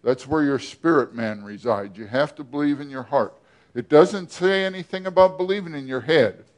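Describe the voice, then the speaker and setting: A man preaching a sermon as pastor, often asking the congregation questions and pausing between phrases. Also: fairly high pitch. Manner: asks the congregation questions, with pauses and restarts.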